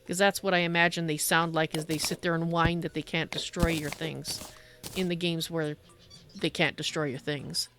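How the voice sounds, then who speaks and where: A woman's voice: low voice, level tone, normal speed, a bit bright, soft background music. A woman livestreaming a game, giving blunt, opinionated and sardonic commentary as she plays. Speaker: livestream gamer. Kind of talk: casual gameplay commentary.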